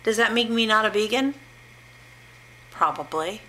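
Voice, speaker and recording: This fiftysomething Pacific Northwest woman, a juicing vlogger, chats with enthusiasm and rambles at home, where she keeps a pet bird. Her fairly high voice is bright and forceful and a little slow, with a bit of hiss or hum on the recording.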